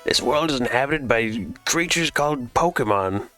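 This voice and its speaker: A man's voice: mid-range voice, lively intonation, moderate pace, a bit bright, faint music behind, close to an everyday voice. A man voicing a fussy, grandfatherly old male professor in a shaky old man's voice.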